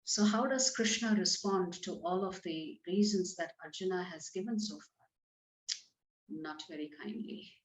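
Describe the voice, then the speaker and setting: A woman's voice: on the low side, unhurried. A woman giving a talk on scripture, explaining it conversationally and putting verses into plain everyday words. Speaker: scripture teacher. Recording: roomy, slightly dull recording.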